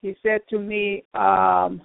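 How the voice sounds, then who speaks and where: A woman's voice: medium pitch, big pitch swings, slow pace, vocal fry, no room sound. A woman giving an earnest personal faith testimony on a radio program, repeating herself and calling out to her brothers and sisters. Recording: tinny phone line, dry.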